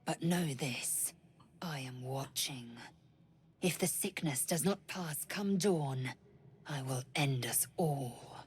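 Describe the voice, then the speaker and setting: A woman voicing her brooding game character with a slow, low, whispered menace. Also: slight background noise. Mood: ominous.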